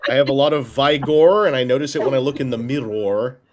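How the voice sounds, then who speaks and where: A man's voice: mid-range voice, brisk, a little mellow. A man with a Michigan accent, chatting casually over a voice call, wry and playful with words.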